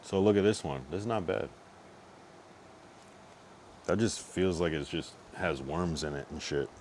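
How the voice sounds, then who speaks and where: A man's voice: sits low, measured pace, a little mellow, slight background noise. A man streaming late at night, a bit tipsy, rambling loosely with plenty of profanity as he reacts to things on screen. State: tipsy from drinking.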